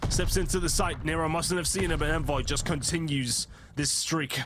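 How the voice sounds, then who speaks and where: A man calling an esports match, excitable and often restarting his sentences. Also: fairly high pitch, moderate pace, background noise. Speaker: esports caster. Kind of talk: play-by-play commentary.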